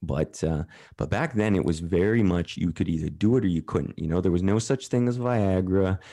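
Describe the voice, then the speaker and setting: On a podcast, a Canadian man with a very low, mellow voice tells his story loosely and candidly, sounding relaxed and unhurried. He swears freely and slips into other people's voices when quoting them.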